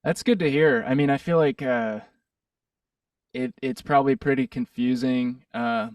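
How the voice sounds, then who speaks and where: A musician from Pittsburgh talks loosely in an interview, his voice gravelly and swinging up and down in pitch. He hesitates, restarts and fills gaps as he goes. The sound is dry and set back from the mic. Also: very animated, measured pace, a little mellow, no room sound, far from the mic. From Pittsburgh, USA. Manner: rambling, hesitant, with many fillers and restarts. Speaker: musician guest. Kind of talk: casual interview chat.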